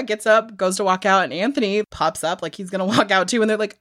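A woman of middle pitch telling a true crime story on a podcast with lively, profane energy, slipping into the voices of the people she describes. The sound is dry and close, with no room in it. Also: brisk, hardly any pauses, no echo. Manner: animated, swearing, acts out people's lines. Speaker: podcast co-host. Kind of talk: casual true crime chat.

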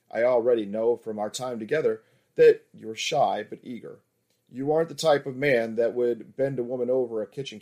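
A man's voice: mid-range voice, warm tone, close to an everyday voice. A man reading a teasing seductive woman. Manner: teasing, coaxing. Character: confident seductive experienced woman lover. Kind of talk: erotic audiobook reading.

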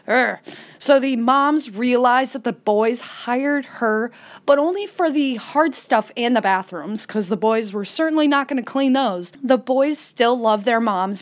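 Chatty higher-voiced woman podcast host. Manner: chatty, retells scenes with brief acted-out quotes. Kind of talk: casual episode recap.

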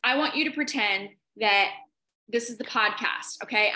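A young woman chatting as a podcast guest, telling pageant coaching stories with enthusiastic, animated energy. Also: medium pitch, moderate pace. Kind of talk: casual podcast chat.

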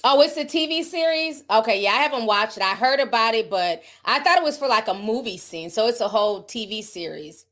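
Brief: woman, Southern US accent, livestream gossip host, fairly high voice, candid and chatty. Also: expressive, brisk, few pauses, fairly bright tone. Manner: chatty, candid, laughs often, reacts to viewer comments. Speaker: livestream host reading chat. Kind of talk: casual celebrity gossip chat.

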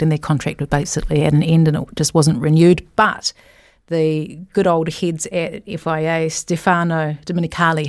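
A chatty woman with a lower, gravelly voice, talking casually and jumping from aside to aside. Her voice is close and dry, with little room sound behind it. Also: a little mellow, no echo. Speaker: guest commentator. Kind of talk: casual chat about motor racing.

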